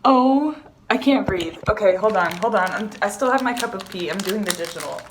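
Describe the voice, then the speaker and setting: A young woman telling a personal story on her vlog, animated and often laughing. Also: medium pitch, quick pace, noisy background. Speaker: vlogger.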